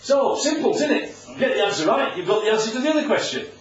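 A man preaches with a high, very animated voice and keeps checking in with his listeners. He sounds far from the microphone, and the dull recording is soaked in the echo of a large room. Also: quick pace. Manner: chatty, asks the audience questions. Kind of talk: informal Bible teaching with slides.

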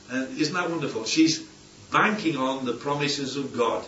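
Chatty preacher in an echoey hall. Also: male voice, a little high, animated, unhurried, fairly bright tone, a little hiss or hum. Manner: chatty, keeps asking "yeah?", playful asides. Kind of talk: informal Bible-study sermon. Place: church hall with congregation. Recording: distant, roomy, dull hall recording.

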